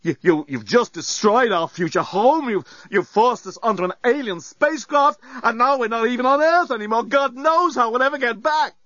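A man's voice: medium pitch, sing-song, moderate pace, a bit bright, no room sound. A man voicing a flustered, sarcastic man given to histrionics in an audiobook, stammering, on a dry, slightly dull recording. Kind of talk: audiobook character voice.

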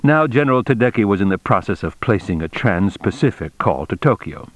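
Man narrating an audiobook, low voice, dry close sound, steady reading. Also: brisk, no room sound. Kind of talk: scripted narration.

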